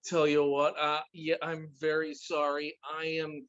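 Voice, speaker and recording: A woman's voice: low voice, flat delivery, unhurried, dry recording. Flustered woman improviser, lo-fi stream. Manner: flustered, apologetic husband character. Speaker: improv player. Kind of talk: improv comedy scene. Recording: dull lo-fi stream audio.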